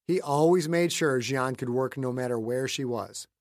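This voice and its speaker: A man narrating a novel as an audiobook in an even, measured storytelling voice. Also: medium pitch, no room sound, studio quality. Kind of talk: scripted narration.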